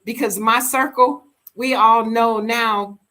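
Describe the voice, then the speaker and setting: A woman's voice: on the high side, fairly even intonation, slow pace, bright, forceful tone. An American woman in her fifties telling a story in a blunt, emphatic, casual way, repeating words for stress. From United States. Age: 50s. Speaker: vlogger living abroad.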